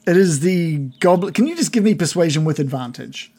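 A man's voice: fairly high pitch, animated, brisk, warm tone, breathy edge. A man running a tabletop game as game master, narrating in a rambling, giggly way with many fillers.

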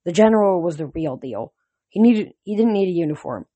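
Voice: mid-range voice, animated, a little fast, warm tone. A reader narrating a novel in first person, with frequent slips and restarts. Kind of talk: audiobook reading of a novel.

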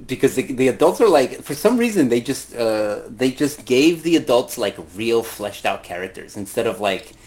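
Joking man, lively swings in pitch. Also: moderate pace, few pauses. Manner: joking, mock-opinionated, swears, laughs often. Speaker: podcast co-host. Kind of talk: casual chat.

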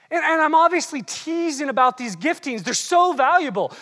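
A preacher delivering an animated, teasing sermon that swings between quiet asides and shouted bursts, recorded in a large hall. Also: high-pitched, normal speed, hardly any pauses. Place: large hall with long reverb. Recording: long hall reverb.

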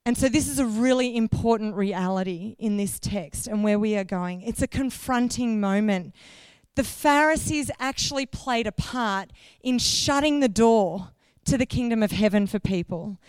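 A woman's voice: fairly high pitch, normal speed, a little mellow, smooth, no echo. A woman giving a sermon in a conversational way, asking the congregation questions and correcting herself as she goes. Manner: loses her place, corrects herself mid-sentence. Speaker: guest preacher.

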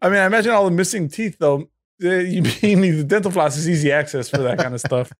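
Co-host, male, higher voice, deadpan joker, close dry mic. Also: quick pace, no echo. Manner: deadpan, joking, crude quips. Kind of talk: casual chat.

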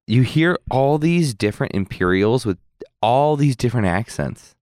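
A man co-hosting a casual podcast chat, recapping with animated storytelling. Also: medium pitch, moderate pace, no room sound, studio quality. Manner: animated storytelling with acted quotes. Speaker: podcast co-host.

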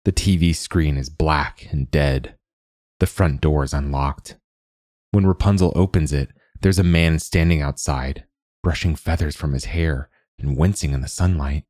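A man reading a short story aloud in a measured, deliberate way as a podcast host and narrator. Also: extremely low pitch, a little mellow, dry recording, clean studio sound.

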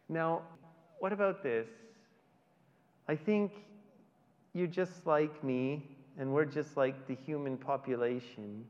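A middle-aged male pastor preaches at an unhurried pace, talking to his congregation like a friend. He holds long dramatic pauses, and his slightly high voice carries a long hall echo. The recording sounds muffled. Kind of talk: sermon. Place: large church hall. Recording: dull audio with long hall reverb.

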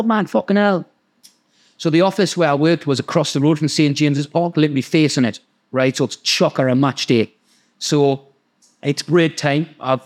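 A man with a Geordie accent telling a story in casual chat, animated and swearing freely as he acts out the voices of others. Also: fairly high pitch. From North East England. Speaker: podcast guest storyteller.

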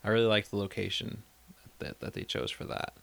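Low gravelly man, dry close sound. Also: level tone, a little fast, a bit bright. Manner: hesitant, trailing off. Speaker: podcast co-host discussing a film. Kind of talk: casual chat.

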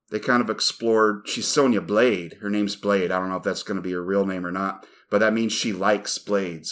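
This podcast co-host is a man whose fairly low voice carries a bit of brightness. He talks in a loose, casual way, wandering off on tangents and cursing without restraint.

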